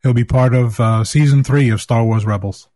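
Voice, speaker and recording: A man's voice: mid-range voice, fairly even intonation, normal speed, warm tone, no room sound. A man co-hosting a casual pop-culture podcast, eagerly presenting news items.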